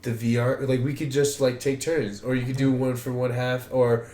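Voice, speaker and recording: A man co-hosting a casual podcast chat, rambling and swearing freely with bursts of excitement. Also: medium pitch, moderate pace, slight background noise. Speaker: podcast co-host. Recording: roomy echo.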